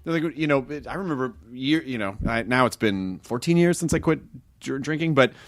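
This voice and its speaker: A man's voice: medium pitch, animated, normal speed, no room sound. A man hosting a podcast in casual chat, self-mocking and anxious in tone, laughing along with his guest. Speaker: podcast host.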